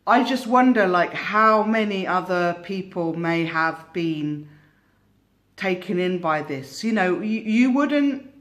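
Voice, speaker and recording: A woman of middle pitch speaks slowly and casually as a tarot channel host. She tells a cautionary story in a musing way, often pausing and restarting her sentences. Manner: unhurried, musing, with hesitant restarts.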